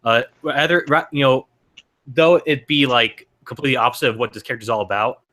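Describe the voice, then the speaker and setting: A man rambles through a casual movie review chat, stopping and restarting his sentences often. His voice is bright and sharp at an ordinary pitch. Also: steady tone, fast talker. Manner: rambling, lots of fillers and restarts. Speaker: podcast co-host.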